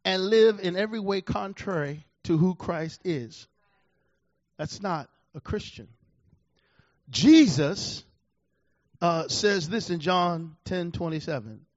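A man preaching a sermon, swinging between loud emphatic lines and hushed, drawn-out words. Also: sits high, lively intonation, no room sound, highs cut off.

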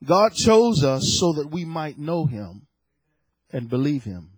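A man preaching a sermon, moving from a hushed prayer and scripture reading to fervent, shouted declarations. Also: fairly high pitch, very animated, slow pace, slightly rough, dry recording, low-quality recording. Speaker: pastor.

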